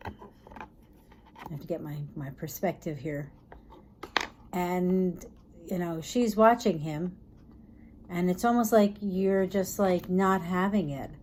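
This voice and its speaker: A woman giving a casual tarot reading, thinking aloud in a chatty, tired way, sometimes dropping low and soft. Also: slight background noise. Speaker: tarot reader.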